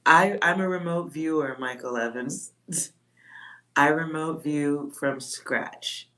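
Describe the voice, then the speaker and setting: Low-voiced blunt woman. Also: slow, pushed and bright. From Texas. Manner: blunt, profane, laughs often. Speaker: psychic reader on a livestream. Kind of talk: casual livestream chat.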